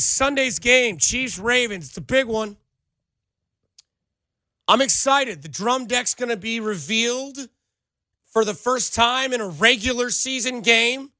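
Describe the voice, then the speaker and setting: A man's voice: very high voice, measured pace, pauses often, sharp tone, no echo. A male sports radio host talking with a sarcastic, riled-up edge.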